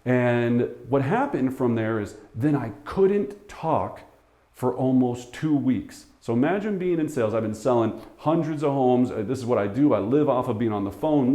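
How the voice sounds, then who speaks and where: Middle-aged guy telling a wild work story, lively, does little voices, kinda mellow, echoey room. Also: mid-range voice. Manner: animated, acts out the voices in his story. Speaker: real estate coach. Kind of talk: storytelling to camera.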